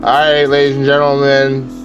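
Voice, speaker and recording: A man's voice: medium pitch, monotone, moderate pace, lo-fi sound, music in the background. A man from Ontario, doing joking, hyped play-by-play commentary on drift runs. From Ontario, Canada. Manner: hyped, joking, showman patter.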